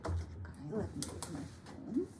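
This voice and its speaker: A woman teaching a young child piano, gently coaxing and encouraging her through each step. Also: moderate pace, very noisy. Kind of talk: one-on-one children's piano lesson. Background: piano playing.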